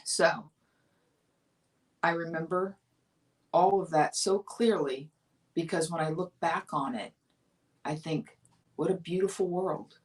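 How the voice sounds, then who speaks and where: A woman's voice: sits low, steady tone, takes it slowly, pauses often, recorded from a distance. A woman in her fifties from Florida, hosting her own livestream show and telling a childhood story in a chatty, amused way, laughing through it. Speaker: comedian host of a weekly livestream talk show. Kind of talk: casual storytelling monologue.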